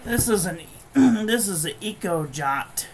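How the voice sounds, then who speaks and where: A woman's voice: mid-range voice, lively intonation, takes it slowly, slight background noise, poor audio. A woman giving a casual, blunt and frankly profane review of pens and paper. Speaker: stationery reviewer.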